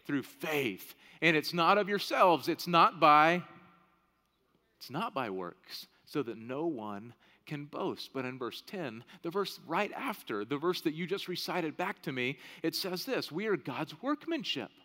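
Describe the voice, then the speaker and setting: Pastor with a high voice in a reverberant hall. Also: male voice, big pitch swings, unhurried, bright, forceful tone. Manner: conversational, often asks "right?". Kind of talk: sermon. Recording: long reverb of a large hall.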